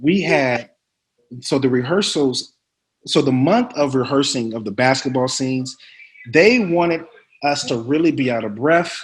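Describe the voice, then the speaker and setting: A man, an actor guest, telling anecdotes in a casual interview, slangy and quick to laugh. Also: expressive. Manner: mimics others with sharp pitch jumps.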